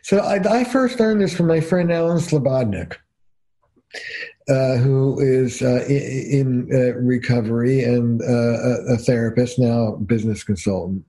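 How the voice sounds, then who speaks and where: An older man from New Jersey, a couples therapist, telling stories in an animated, emphatic way in a casual podcast chat. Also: mid-range voice, measured pace.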